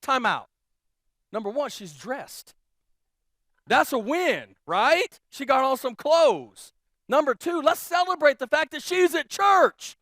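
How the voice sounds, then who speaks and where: A male pastor preaching a sermon, telling stories in a casual, animated way with many restarts. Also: extremely high pitch, moderate pace, no room sound, studio quality. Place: church auditorium.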